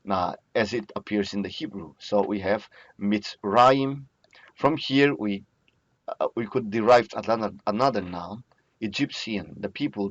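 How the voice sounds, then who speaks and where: A low-voiced man, talking through a lesson at an unhurried, deliberate pace. He explains patiently and says key words twice. The sound is dry and a bit dull, like a lo-fi lecture recording. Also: no room sound. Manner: slow, patient explaining with frequent repetition. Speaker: teacher.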